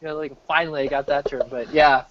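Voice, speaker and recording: An American man in his thirties chatting casually while he streams, rambling, restarting sentences and getting animated. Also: fairly high pitch, fast. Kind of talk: casual chat. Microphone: desk mic. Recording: dull lo-fi mic.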